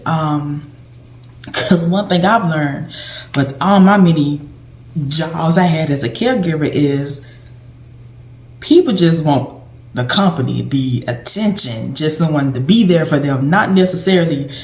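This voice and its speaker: Woman, caregiver sharing advice. Casual vlog delivery, slightly low pitch, echoey room sound. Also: darkish tone. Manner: conversational, repeats and restarts phrases. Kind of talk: casual advice talk to camera.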